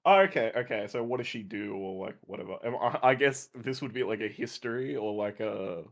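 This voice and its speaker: A man's voice: fairly low pitch, brisk, creaky. A man playing a tabletop game, joking around and stammering as he works out what his character does. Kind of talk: casual chat and in-character play.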